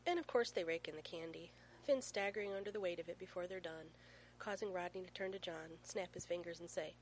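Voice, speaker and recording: A woman reads a fan fiction story aloud in a fairly low voice, telling it with playful warmth. A faint hum sits beneath her narration. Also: a little fast, poor audio.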